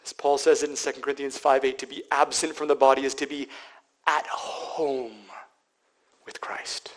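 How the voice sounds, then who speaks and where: A male pastor preaching a sermon, dropping to hushed whispers and then building to loud, emphatic passages. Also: medium pitch, flat delivery, quick pace, low-quality recording.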